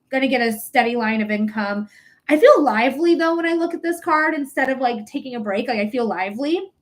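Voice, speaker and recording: A woman reading tarot on a live stream, emotional and close to tears, gushing thanks to viewers and cursing casually. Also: on the high side. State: tearful.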